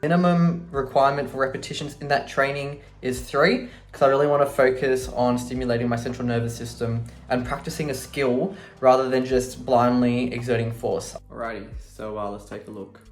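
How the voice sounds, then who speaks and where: A man's voice: mid-range voice, steady tone, fairly quick, few pauses, faint music behind. Laid-back Australian guy vlogging. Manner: upbeat, chatty, laid-back. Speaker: fitness vlogger. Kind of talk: casual vlog chat and training explanation.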